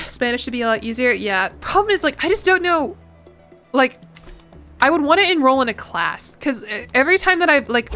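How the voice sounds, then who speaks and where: A woman's voice: high-pitched, very animated, moderate pace, bright, forceful tone, faint music behind. A young woman in her twenties, chatting casually and rambling as a streamer while she plays, swearing now and then. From United States. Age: 20s. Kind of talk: casual chat while gaming.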